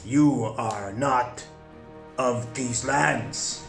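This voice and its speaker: A man's voice: mid-range voice, very slow, gravelly, roomy sound, faint music behind. A man voicing a male orc gravekeeper who talks in short, broken words. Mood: wary. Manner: terse broken speech.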